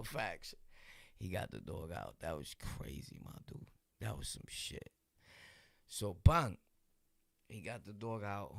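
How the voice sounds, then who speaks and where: Gravelly Brooklyn man telling a story. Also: medium pitch, dry recording, studio quality. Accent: New York, Brooklyn. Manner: loose, animated, laughing asides and slang. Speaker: vlog host. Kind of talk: casual street storytelling.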